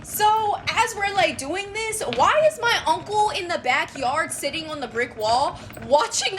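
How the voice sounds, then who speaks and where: A woman telling a true story from her childhood in a casual, animated, chatty way with lots of fillers. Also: very high-pitched, a little slow, hardly any pauses, slight background noise. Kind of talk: casual storytime while crocheting.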